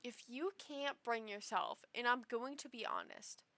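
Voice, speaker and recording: A woman's voice: a little high, sing-song, unhurried, bright, forceful tone. A tipsy woman rambling emotionally with many restarts while giving casual reaction commentary on online posts. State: tipsy after two shots. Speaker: streamer reading online posts.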